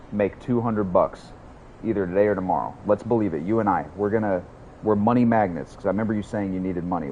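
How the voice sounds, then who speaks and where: A man streaming a game from his hot room at home, talking excitedly and with a lot of swearing to his chat. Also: fairly low pitch, highs cut off, a little hiss or hum. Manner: excited, profane, chatty with chat. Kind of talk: casual livestream chat.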